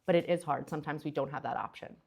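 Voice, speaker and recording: A woman's voice: low voice, fast talker, gravelly, breathy edge. A young adult woman giving a casual talk as a presenter, chatty and full of fillers and restarts.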